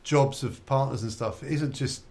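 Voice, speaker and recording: On a studio microphone, a radio host casually reads out listener questions and banters with his guest in an easygoing manner. His voice is medium-pitched and darkish, at a moderate pace.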